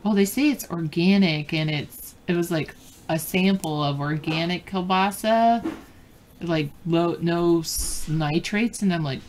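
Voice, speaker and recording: A woman co-hosts a casual live stream chat, answering viewers and reading trivia questions aloud. Her voice is lowish and her pace measured.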